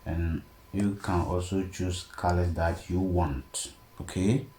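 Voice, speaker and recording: Slow deep-voiced man explaining a design tutorial. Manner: steady step-by-step explaining, frequent "okay?" check-ins. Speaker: software tutorial instructor. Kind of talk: screen-recorded tutorial narration. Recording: echoey room, faint background noise.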